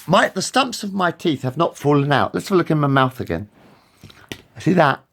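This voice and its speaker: A man's voice: fairly high pitch, sing-song, moderate pace, vocal fry, fairly bright tone. A man venting in a rambling, profane rant to camera, angry and repeating himself. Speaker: vlogger. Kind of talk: ranting monologue to camera.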